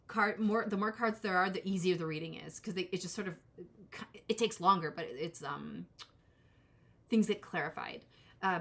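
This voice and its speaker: A woman's voice: medium pitch, a bit bright. A woman hosting a live tarot reading, chatting casually with viewers and drifting into self-deprecating asides. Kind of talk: casual live-stream chat.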